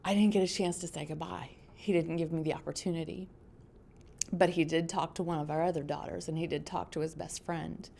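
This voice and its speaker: Low, gravelly-voiced middle-aged woman. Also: steady tone, warm tone, slight background noise. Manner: halting, reflective, many ums and restarts. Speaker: mother sharing a testimonial. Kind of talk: personal testimonial.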